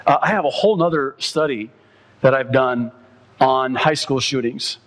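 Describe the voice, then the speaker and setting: A male pastor delivers a sermon at a moderate pace, reading quotations aloud and building himself up to high, loud, impassioned peaks.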